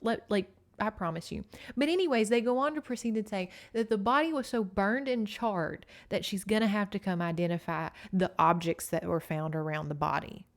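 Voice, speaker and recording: A woman's voice: medium pitch, moderate pace, hardly any pauses. A woman with a Southern US accent hosting a podcast, recapping a book in a chatty, sarcastic way full of asides. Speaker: podcast host.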